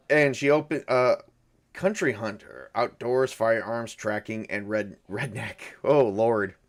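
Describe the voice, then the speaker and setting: A man running a solo tabletop game, thinking aloud in a rambling, self-correcting way. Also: on the low side. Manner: rambling, self-correcting, chuckles at own jokes. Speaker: game master.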